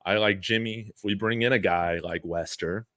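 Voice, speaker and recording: Male sports streamer, low voice, dry close sound, loose rambling chat with fillers. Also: moderate pace, no room sound. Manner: relaxed, rambling, frequent fillers and chuckles. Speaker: sports channel host. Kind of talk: casual live-stream chat reading super chats.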